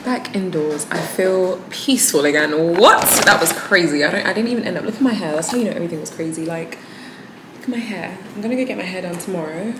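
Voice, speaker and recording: A woman's voice: lowish voice, fast talker. A young woman talking casually to her viewers in a chatty vlog. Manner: chatty and animated, talks to viewers. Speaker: vlogger. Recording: echoey room with noise.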